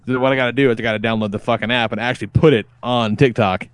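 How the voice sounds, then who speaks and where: A man's voice: mid-range voice, steady tone, racing, smooth, no echo. A man co-hosting a podcast in casual chat, joking, swearing freely and acting out what others said. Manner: profane, jokey, acts out quotes. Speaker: podcast host.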